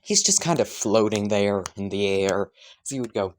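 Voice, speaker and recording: A man's voice: lowish voice, lively intonation, normal speed, a little hiss or hum. A man casually improvising a fan story, rambling with fillers and the odd swear.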